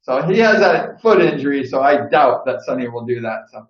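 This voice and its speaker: A man's voice: mid-range voice, expressive, normal speed. A man hosting a vlog, telling stories casually and rambling, with lots of fillers like "like" and "you know". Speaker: vlog host and former speedway rider. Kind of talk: casual storytelling. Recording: echoey dull lo-fi room.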